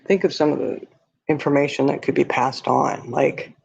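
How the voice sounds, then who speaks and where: A woman's voice: a bass voice, fairly even intonation, normal speed, gravelly, a little mellow, husky. A woman hosting a livestream, chatting casually with viewers and rambling through a hypothetical with lots of fillers. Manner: rambling, many fillers, talks to chat. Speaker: livestream host. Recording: dull lo-fi stream audio.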